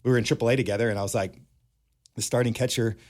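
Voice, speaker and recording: A man in his thirties, a former pro ballplayer, telling animated anecdotes in a casual interview. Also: mid-range voice, racing. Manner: animated anecdotes, acts out quoted dialogue. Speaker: former pro baseball player, guest.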